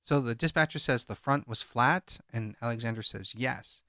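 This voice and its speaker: A man co-hosting a podcast, retelling a crime case and reading call transcripts aloud in a measured way. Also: mid-range voice, bright, forceful tone, no room sound, clean studio sound. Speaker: podcast co-host. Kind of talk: casual true-crime podcast chat.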